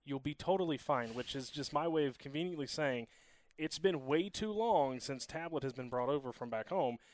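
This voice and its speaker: A man of Cuban heritage co-hosting a casual podcast interview, teasing and telling animated stories. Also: on the high side, normal speed, no echo. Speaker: athletics staff co-host.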